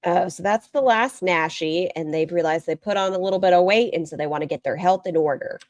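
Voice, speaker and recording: A woman streamer rambles through casual reaction commentary, chatting straight to her chat. Her voice is fairly low and a little fast, with no room sound.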